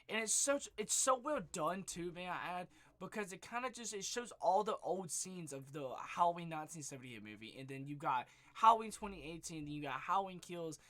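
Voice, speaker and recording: Rambling, bright-voiced young man recapping. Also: on the high side. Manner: rambling, swears freely, leans on "just" and "like". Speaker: movie reviewer. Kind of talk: casual spoiler recap.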